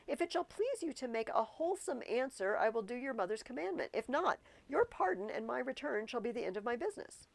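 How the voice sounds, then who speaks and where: A formal, pressing male courtier read by a woman in a stiff verse style. The voice sits a little high and carries a gravelly texture. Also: sing-song, fairly quick, hardly any pauses, no echo, exaggerated voice.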